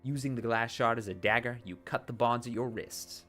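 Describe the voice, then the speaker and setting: Brisk and fairly bright, a medium-pitched male voice performs a text adventure game in a put-on accent. The dramatic reading keeps breaking into offhand comments for his viewers, with faint music in the background.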